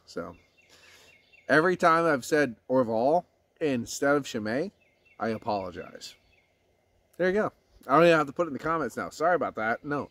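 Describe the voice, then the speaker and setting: A man's voice: medium pitch, a bit bright, no echo. A man reviewing a beer in a casual vlog, rambling and swearing freely while correcting himself. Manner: rambling, profane, self-correcting.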